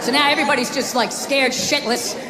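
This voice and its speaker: A middle-aged man from the East Coast of the States rants through a stand-up set, swearing freely and sometimes shouting. His voice rings with long reverb in a big live venue. A laughing crowd and steady noise sit under him. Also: very high-pitched, brisk. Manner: ranting, profane, shouting at times. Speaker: comedian. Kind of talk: stand-up comedy. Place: large live comedy venue. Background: audience laughter and crowd noise.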